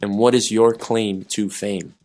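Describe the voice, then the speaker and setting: A man's voice: fairly low pitch, fairly even intonation, a little slow, darkish tone, faint music behind. A man hosting a podcast, interviewing a guest in a hotel room with wry, bantering humor. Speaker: podcast host. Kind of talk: casual interview chat.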